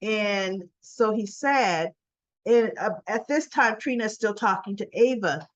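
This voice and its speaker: A woman's voice: medium pitch, unhurried, no echo. A woman casually recapping a soap opera episode and acting out the characters' lines as she goes. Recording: dry, slightly dull recording.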